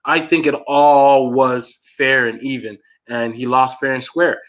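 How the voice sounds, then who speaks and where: A man's voice: medium pitch, little pitch movement, unhurried. A man co-hosting a casual combat-sports podcast, explaining things in a conversational way with plenty of fillers. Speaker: co-host.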